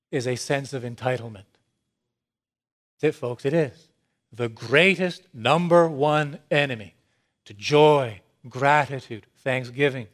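A man preaching a sermon, moving from low, measured statements to excited, emphatic declarations. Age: adult with young children.

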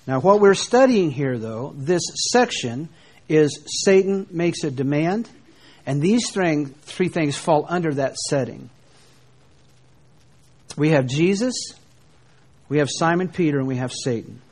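A man teaching a sermon on scripture, speaking slowly and deliberately with dramatic pauses as he reads verses aloud. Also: on the high side, lively intonation, a little mellow. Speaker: preacher.

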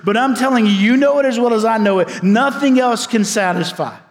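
Pastor guy preaching, high voice, goes loud then real quiet, big echoey church. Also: fairly quick. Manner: preaching with dramatic swings from loud to hushed. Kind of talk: sermon.

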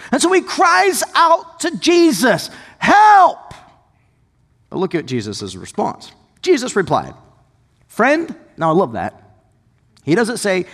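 A man preaching a sermon as pastor, conversational and animated, with sudden shouts and quick asides. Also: high voice. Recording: long hall reverb.

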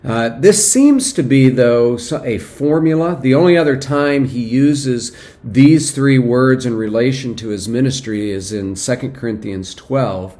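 Man preaching a measured sermon. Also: medium pitch, dark tone. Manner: measured teaching with frequent fillers and restarts, rising in emphasis for exhortation. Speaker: pastor.

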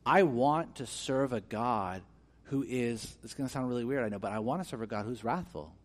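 A man preaching a sermon as pastor. He swings between hushed and emphatic phrases, asks his listeners questions and acts out quoted voices. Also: medium pitch, lively intonation, moderate pace.

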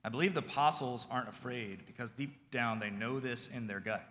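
A man preaching a sermon in a conversational style, moving from loud emphasis to hushed, quiet lines. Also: mid-range voice, brisk. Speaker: pastor. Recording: long hall reverb.

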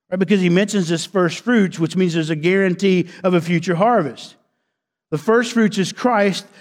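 Preaching man in a reverberant hall. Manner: preaching with call-and-response to the congregation; rises in pitch and intensity as he presses a point. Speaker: pastor. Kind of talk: sermon.

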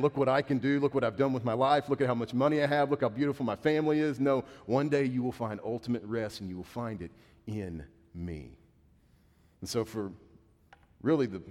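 A male pastor preaching a conversational sermon, dropping to a hushed voice when quoting. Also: lowish voice. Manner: conversational preaching, drops to a hushed voice for quoted words. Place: church sanctuary. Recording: reverberant church hall.

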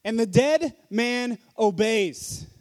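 A man with a high-pitched voice preaches a sermon at a conference, speaking in a hall. He talks earnestly and conversationally, leaning on rhetorical questions to draw in the room. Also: lively intonation, slow pace.

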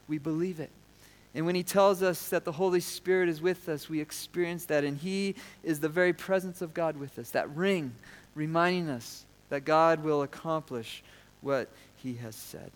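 A man preaching a sermon as pastor, earnest, rising to emphatic points and dropping soft. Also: on the high side. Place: church sanctuary. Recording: long church reverb.

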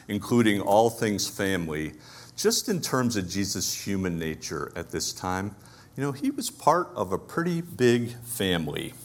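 A male pastor with a Brooklyn accent delivers a sermon in a fairly low voice. He preaches in a conversational way, putting rhetorical questions to his congregation.

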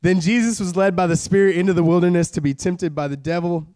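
A young man in his twenties delivers a church sermon in a loose, joking way, hammering points home by repeating them. His voice sits a little high and sounds smooth and resonant. The sound is close and dry. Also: fairly even intonation, fast, a little mellow, dry recording. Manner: casual, joking, repeats phrases for emphasis. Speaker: preacher. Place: church service.

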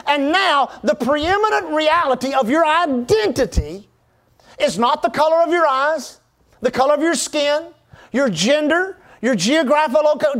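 A man's voice: extremely high pitch, fairly bright tone. A man preaching a sermon as pastor, fervent and rousing, asking the congregation to respond.

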